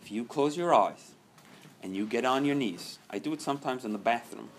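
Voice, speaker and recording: A man leading a recovery group meeting, talking earnestly and swinging from soft, quiet stretches to loud, emphatic ones. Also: mid-range voice, lively intonation, brisk, slight background noise.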